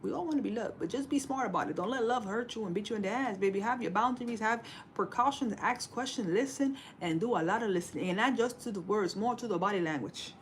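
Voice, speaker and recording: 40s woman, sassy streamer type, calls everyone baby, mid pitch, slight noise behind. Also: quick pace. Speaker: livestream host. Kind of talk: casual relationship advice to live viewers.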